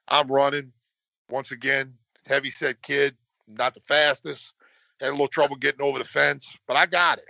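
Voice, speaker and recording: A man's voice: vocal fry, no echo. Brash, foul-mouthed storyteller man. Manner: profane, swears constantly; animated, voice climbs high when worked up. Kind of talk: casual storytelling chat. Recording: dull lo-fi dry sound.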